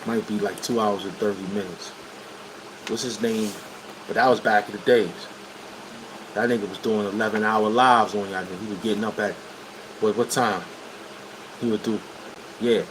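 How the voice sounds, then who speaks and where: With a lowish, steady voice at normal speed, a Brooklyn livestream host tells casual stories to viewers, pausing often. He has a New York accent and uses blunt street slang, while air conditioning hums behind him.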